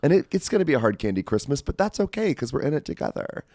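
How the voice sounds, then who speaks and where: A man's voice: on the high side, big pitch swings, quick pace, darkish tone, no echo. A man appearing as a guest on a podcast, talking in an enthusiastic, rambling way. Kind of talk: casual chat.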